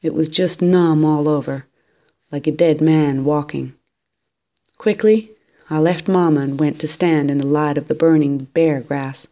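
A woman reading a novel aloud in a steady, unhurried storytelling manner. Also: low-pitched. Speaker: reader.

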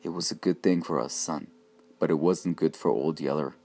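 A man voicing a grieving frontier mother who speaks quietly and softly. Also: fairly low pitch, moderate pace, close to an everyday voice. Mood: quiet sorrow. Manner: quiet and soft.

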